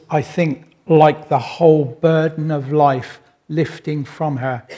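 A middle-aged man preaching a sermon, reflective and unhurried, with wry self-deprecating asides. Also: fairly high pitch, darkish tone.

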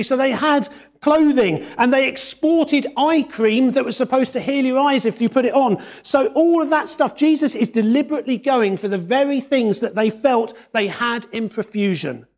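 A man with a fairly high voice preaches a sermon in a conversational, expressive way. He slips in wry asides and sinks to a near-hush to stress key words. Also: normal speed. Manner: expressive, varies tone and drops to a hush for emphasis.

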